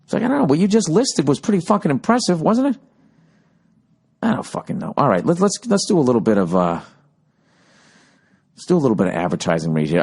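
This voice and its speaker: A middle-aged man hosting a podcast, telling rambling comedic stories full of swearing and sudden jumps in pitch. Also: quick pace, vocal fry, long pauses, slightly rough. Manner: profane, animated storytelling with sudden pitch jumps. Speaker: podcast host.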